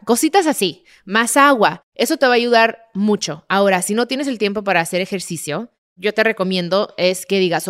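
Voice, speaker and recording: A woman's voice: medium pitch, expressive, fast talker, a bit bright. A woman, hosting a casual advice chat and switching between English and Spanish. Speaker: host answering listener questions.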